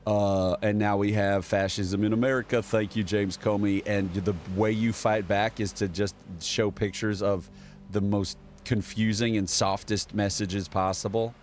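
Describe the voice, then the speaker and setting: Sarcastic low-voiced male political streamer. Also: little pitch movement, a little slow, a little hiss or hum. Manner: sarcastic, rambling, reads headlines aloud. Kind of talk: casual political commentary.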